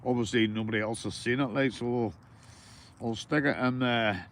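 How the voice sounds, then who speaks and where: Fishing on a livestream, this man from Northern Ireland keeps up relaxed banter with his viewers, cursing liberally and addressing them all as mate. He speaks at a moderate pace with a medium-pitched, steady, slightly bright voice touched by vocal fry.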